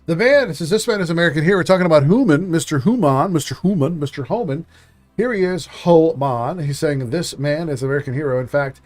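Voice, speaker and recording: A man hosting a live-stream reaction show, talking loudly and emotionally in rapid-fire bursts. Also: medium pitch. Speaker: streamer, host.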